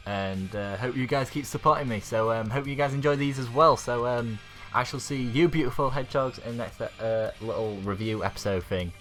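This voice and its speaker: A man's voice: mid-range voice, a little fast, few pauses, a bit bright, soft background music. A man recapping an anime episode in a casual, rambling way, full of fillers and little laughs. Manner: rambling, filler-heavy, chuckles often. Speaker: YouTube anime reviewer.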